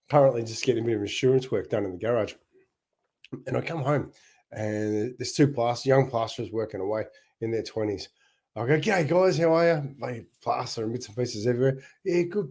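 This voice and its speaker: Upbeat Australian man telling stories, husky voice. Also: on the high side, a little mellow. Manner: upbeat storytelling with frequent laughs and restarts. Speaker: not-for-profit founder and livestream host. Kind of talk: casual livestream monologue.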